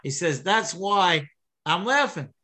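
Man, Torah lecture, bright forceful voice, a bit high, animated with restarts. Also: slow pace. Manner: animated, many restarts, mixes Hebrew and English. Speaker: rabbi teaching Torah.

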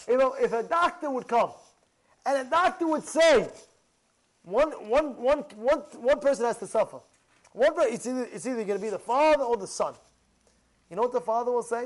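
A man, a rabbi, preaching a sermon, moving from hushed storytelling to loud, animated outbursts. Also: extremely high pitch.

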